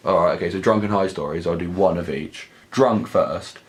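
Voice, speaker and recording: Young man, deep voice, swearing, rambling storytelling, casual vlog. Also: moderate pace, over music. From southern England. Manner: crude, sweary, rambling comic monologue. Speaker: vlog host.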